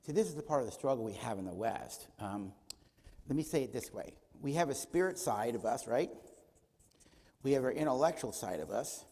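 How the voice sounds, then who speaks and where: A man's voice: medium pitch, lively intonation, a little fast, mellow, in a large hall. A man giving a teaching talk at a church conference, posing rhetorical questions and answering them himself, with short acted dialogues. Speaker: conference speaker. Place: church auditorium.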